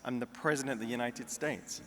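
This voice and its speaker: A man's voice: medium pitch, steady tone, brisk, a bit bright, a little hiss or hum, lightly acted. A man voicing an exasperated grown son who keeps insisting and reassuring his mother, in a hall with a long echo. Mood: insistent.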